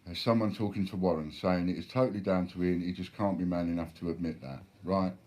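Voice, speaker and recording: A man's voice: sits low, steady tone, quick pace, dark tone. A man replying bluntly to viewer chat during a live stream, swearing freely.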